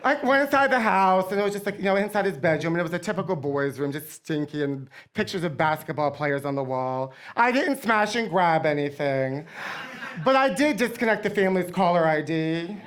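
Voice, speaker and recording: A middle-aged man hosting a comedy show, telling campy, gossipy stories to a live audience with deadpan punchlines. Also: high voice, brisk, a little hiss or hum. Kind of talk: comic storytelling to a live audience.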